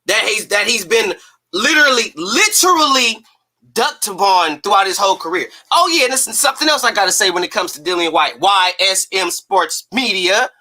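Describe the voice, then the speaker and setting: Male stream host, bright edge, fired up, swearing, hammering rhetorical questions. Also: high-pitched, lively intonation. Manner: emphatic, profane, rapid-fire rhetorical ranting. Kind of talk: heated boxing talk on a live stream.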